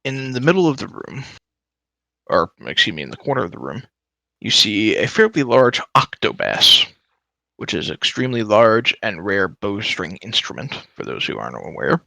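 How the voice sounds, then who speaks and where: A man narrates a tabletop game as its game master, animated and cracking jokes. His voice is bright and lively, with wide swings in pitch. The sound is close and dry. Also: moderate pace, gravelly, no room sound. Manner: animated, profane, joking.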